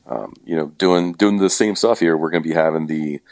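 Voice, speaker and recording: A man with an extremely deep, low voice talks casually as a guest on a podcast. He keeps it relaxed and joking, padding his sentences with fillers. The recording is dry and close. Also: brisk, creaky, no room sound. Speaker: event organizer and guest.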